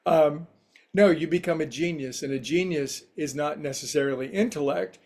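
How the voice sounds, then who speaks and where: A man giving a spiritual talk to a livestream group as meditation teacher, telling a story in a gentle, reflective way. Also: fairly high pitch, moderate pace.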